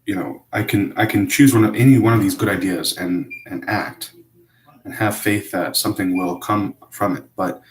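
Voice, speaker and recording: Man, very low voice, halting confessional monologue, roomy echo. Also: fairly even intonation, slight background noise. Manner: hesitant, halting, self-critical, many fillers and restarts. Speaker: vlogger.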